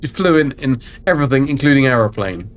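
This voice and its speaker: A man's voice: mid-range voice, expressive, a little fast, slight background noise. Chatty streamer man. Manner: chatty, rambling, self-mocking. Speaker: game streamer. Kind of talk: casual live-stream chat.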